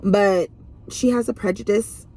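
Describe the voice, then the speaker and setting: A woman's voice: mid-range voice, fairly even intonation, measured pace, darkish tone. A young woman reading tarot in a casual vlog, chatty and rambling, full of fillers and restarts. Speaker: tarot reader.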